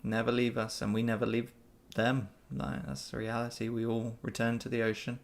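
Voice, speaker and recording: A man's voice: medium pitch, monotone, normal speed, vocal fry. A man hosting a casual live Q&A, talking in an easygoing, upbeat way that rambles with fillers and restarts. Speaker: channel host answering viewer questions.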